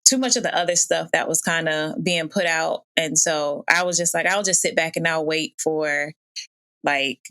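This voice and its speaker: Bright-voiced woman telling lively stories. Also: deep voice, normal speed. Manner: animated storytelling, laughs often, acts out quotes. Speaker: podcast guest. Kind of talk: casual chat.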